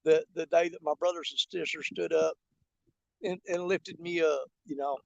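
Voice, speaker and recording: Folksy high-voiced angler. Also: male voice, lively intonation, normal speed, gravelly, no echo, low-quality recording. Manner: folksy, rambling storyteller. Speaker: fishing channel host. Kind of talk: casual vlog talk while bank fishing. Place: outdoors on a riverbank.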